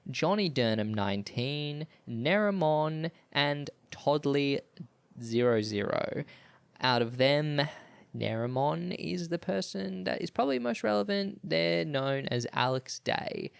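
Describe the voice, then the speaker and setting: A man co-hosting a podcast, mixing casual chat with a recap, making wry remarks in quick bursts. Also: a little high, gravelly, smooth, no echo. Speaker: podcast co-host.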